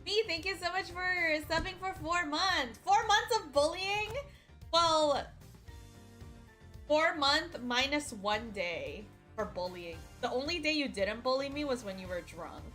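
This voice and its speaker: A woman's voice: high voice, lively intonation, a little slow, bright, forceful tone, soft background music. A woman streamer chatting casually with her viewers, playful and teasing, with frequent giggles.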